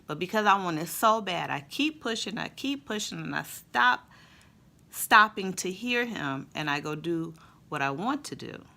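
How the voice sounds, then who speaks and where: A woman and mother telling a family story in a casual, expressive way, then drawing a faith lesson from it. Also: lowish voice, moderate pace, vocal fry. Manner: conversational, expressive, with fillers. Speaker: mother and Christian vlogger.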